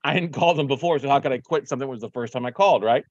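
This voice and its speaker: A man's voice: mid-range voice, rapid-fire, no echo, highs cut off. A man hosting a show, telling a story casually and acting out his own phone calls. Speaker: podcast host.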